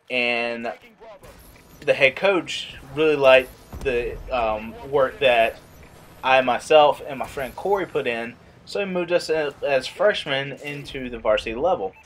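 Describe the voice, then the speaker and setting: A young man vlogging, telling a casual story and acting out the quotes in a higher voice. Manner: animated, acts out quotes in a higher voice.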